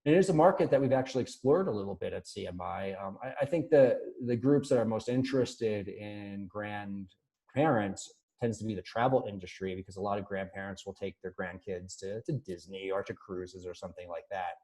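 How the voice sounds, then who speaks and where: A man's voice: lowish voice, fairly quick, dark tone, poor audio. A man presenting survey research in a webinar, speaking conversationally with many ums and restarts.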